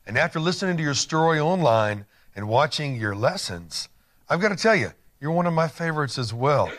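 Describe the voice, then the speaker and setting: A man's voice: on the high side, very animated, brisk, fairly bright tone. A man hosting a Christian TV interview show, talking enthusiastically and encouragingly, with a chatty, filler-heavy delivery. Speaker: TV show host.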